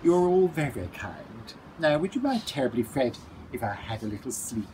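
A man's voice: medium pitch, very animated, moderate pace, warm tone, a little hiss or hum, close to an everyday voice, rough recording. Man doing a polite worn-out cuckoo, all genteel manners, drowsy storybook bird. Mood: polite, sleepy. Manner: courteous, genteel, sleepy. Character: polite weary male cuckoo, well-mannered.

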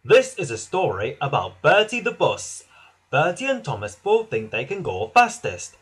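A man reading a children's storybook aloud in an expressive, sing-song way. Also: fairly high pitch, normal speed, husky. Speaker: narrator.

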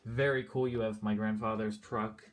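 A man's voice: on the low side, flat delivery, normal speed. Rambling man touring his collection. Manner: rambling, enthusiastic, with fillers. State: a bit out of breath. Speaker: diecast collector. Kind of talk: casual collection walkthrough.

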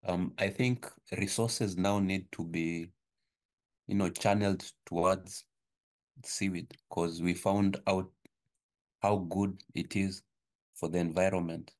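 A man's voice: low-pitched, fairly even intonation, takes it slowly. A man with an African accent speaking hesitantly with many fillers, asking a question in a webinar over a video call. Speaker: webinar participant.

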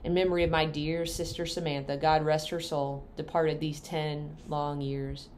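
A woman voicing a stingy, gruff farmer uncle with a slow, suspicious drawl. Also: deep voice, level tone, darkish tone, a little hiss or hum, close to an everyday voice.

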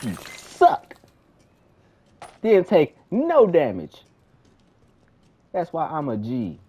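A woman's voice: deep voice, huge pitch swings, drawn-out words, breathy edge. Shrieking, joking gaming woman. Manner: shrieking, jokey, loud swings. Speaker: gaming streamer. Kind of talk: let's play commentary.

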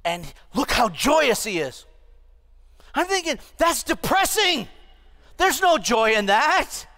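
A pastor in his fifties preaching an animated, humorous sermon to his church, with asides to the congregation. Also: extremely high pitch, slow pace. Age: 50s. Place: church sanctuary.

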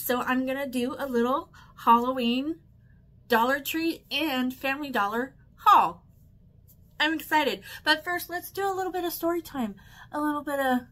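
A woman chatting casually in a shopping haul vlog, telling stories in an excitable, chatty way. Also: fairly high pitch. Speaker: haul vlogger. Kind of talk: casual chat.

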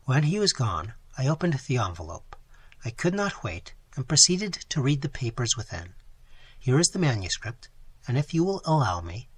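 A man reading a gothic novel aloud in a dramatic, expressive style, his voice strained from long sessions. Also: medium pitch, normal speed, breathy edge, no room sound. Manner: dramatic, animated storytelling. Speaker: audiobook narrator.

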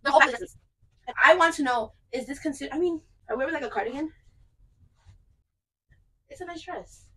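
A woman's voice: high-pitched, animated, brisk, long pauses, fairly bright tone, poor audio. A young woman chatting casually and playfully in a clothing try-on vlog, with joking asides. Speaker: vlogger.

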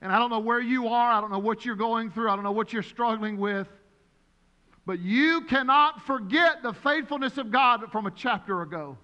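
A man preaching as pastor, emphatic and repetitive, his voice rising to shouts. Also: extremely high pitch, normal speed, big-room sound. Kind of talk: sermon.

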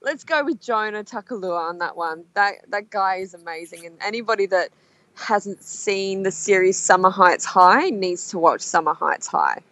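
A woman's voice: medium pitch, moderate pace, fairly bright tone, no room sound. A young Australian woman with an Australian accent, chatting casually as a guest and telling funny stories with frequent laughs. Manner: bubbly, laughs often, tells anecdotes. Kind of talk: casual chat.

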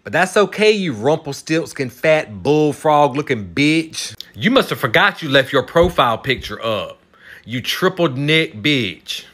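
A man's voice: fairly high pitch, expressive, unhurried, fairly bright tone. A man, a vlogger, ranting to camera in a comedy video with mocking insults and rhyming name-calling.

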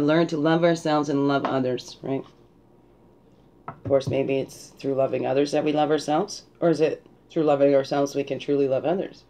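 A woman's voice: rumbling low, steady tone, moderate pace, mellow. A woman talking as a spiritual guide, musing and reflective, often checking in with a "right?" as she prepares a card reading. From Canada.

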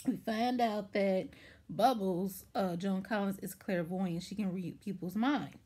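Husky-voiced chatty woman vlogger. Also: medium pitch, measured pace. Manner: chatty, rambling, lots of "like" and "anywho"; animated retelling with acted-out quotes. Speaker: TV show reviewer. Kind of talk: casual episode recap vlog.

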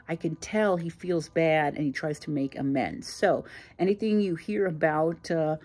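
A woman in her sixties with a low-pitched, darkish voice hosts her own channel. She tells a personal story plainly and reflectively, using frequent fillers.

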